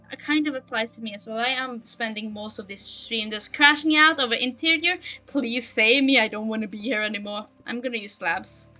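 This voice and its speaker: A young German woman with a high, bright voice, speaking English with a German accent. She rambles and teases herself as she streams a building game. Soft game music plays behind her voice. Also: poor audio. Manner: rambling, self-mocking, talks to chat. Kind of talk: casual live-stream chat while gaming.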